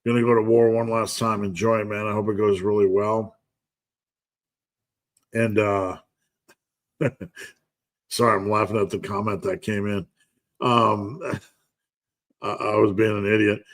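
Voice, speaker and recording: Laid-back, lower-voiced man hosting a live Q&A. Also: level tone, unhurried, long pauses. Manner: laid-back, jokey, reads chat comments aloud and laughs often. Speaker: podcast host answering live chat questions. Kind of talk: casual live Q&A chat.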